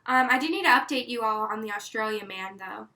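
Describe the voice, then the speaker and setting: A young woman co-hosting a casual podcast. She tells a story with lively energy and acts out each line of dialogue. Her voice is bright and sits a little high. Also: fairly quick. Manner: animated storyteller, acts out quotes with many "like"s. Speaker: podcast co-host.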